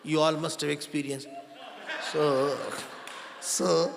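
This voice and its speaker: A male spiritual teacher telling a story to an audience, often quizzing them and repeating names, sometimes chanting verses slowly. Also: on the high side, fairly even intonation, creaky, noisy background. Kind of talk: storytelling discourse. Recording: long hall reverb.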